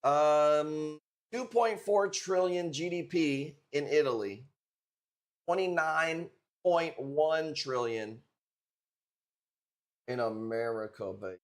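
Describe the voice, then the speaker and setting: A man's voice: on the high side, slow, pauses often. A man streaming live, chatting casually with viewers and joking in a brash, profane way.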